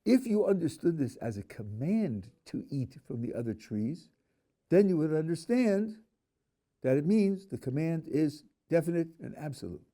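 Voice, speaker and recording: A man's voice: fairly high pitch, very animated, moderate pace, mellow. A man, a rabbi, teaching a text class, reading verses aloud and then questioning them with dry humor. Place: yeshiva classroom.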